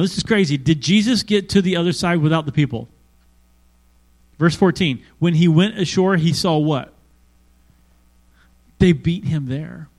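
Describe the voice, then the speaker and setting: This male pastor speaks on the high side as he preaches a sermon, animated and conversational in tone. He peppers it with asides and keeps asking the congregation questions.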